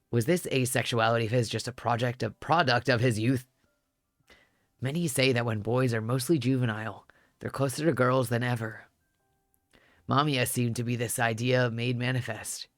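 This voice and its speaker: A detached tall young man from a visual novel speaks in a dry, close voice pitched well below the reader's own, put on by a man reading aloud. His delivery is flat, even and unhurried, with little emotion showing. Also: no echo, close to an everyday voice.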